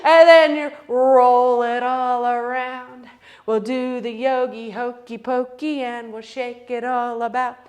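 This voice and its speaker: A woman's voice: on the high side, fairly even intonation, a little slow. A middle-aged woman teaching a playful, encouraging yoga class for kids, calling out each movement. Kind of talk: kids' yoga class instruction.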